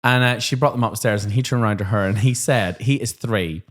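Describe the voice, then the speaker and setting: A man with a slightly low voice co-hosts a relaxed teachers' podcast. He is chatty and laughs easily, and he backs his partner with steady murmurs of agreement. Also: a little fast. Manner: chatty, laughs often, gives frequent backchannel agreement. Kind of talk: casual podcast chat.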